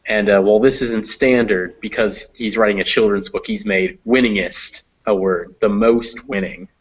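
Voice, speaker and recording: A man leads an online English pronunciation class, explaining stress and vowels patiently. He models example words slowly and carefully. His voice comes through a dull, lo-fi call line. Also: on the low side, fairly even intonation, husky.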